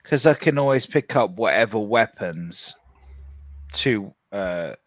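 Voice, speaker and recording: A man's voice: lowish voice, expressive, slow, no room sound. A man co-hosting a game playthrough in easygoing, jokey casual chat. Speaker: co-host playing a video game.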